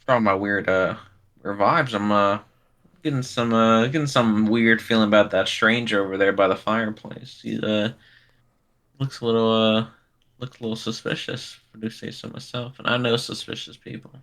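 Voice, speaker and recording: A man voicing a shifty male rogue in a tabletop game, halting and full of uh pauses. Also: on the low side, fairly even intonation, fairly bright tone. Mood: suspicious. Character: shifty male rogue who knows suspicious types.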